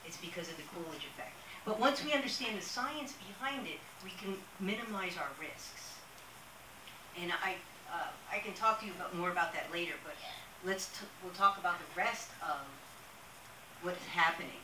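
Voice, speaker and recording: A woman speaks to a live audience in a chatty, storytelling way, with frequent asides. She is picked up from a distance in an echoey room. A steady hiss runs under the recording. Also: fairly low pitch, moderate pace. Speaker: workshop speaker. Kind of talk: live workshop talk.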